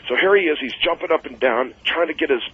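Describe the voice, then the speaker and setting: A middle-aged former wrestler, guesting on a radio show, talks fast and animatedly in a voice on the high side. He tells rambling stories packed with fillers, chuckling throughout, over dull lo-fi radio audio.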